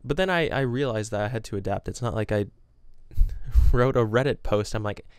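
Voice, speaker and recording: A young man talks casually to his camera, rambling and poking fun at himself as he tells stories. His voice is smooth and clear, and the sound is dry and close with no room echo. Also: on the low side, moderate pace. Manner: rambling, self-deprecating storytelling. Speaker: gaming vlogger. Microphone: camera with green screen.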